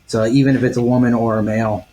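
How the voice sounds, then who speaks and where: A man hosting a podcast, asking rambling questions full of fillers in a relaxed interview. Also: medium pitch, fast, rough recording. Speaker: podcast host.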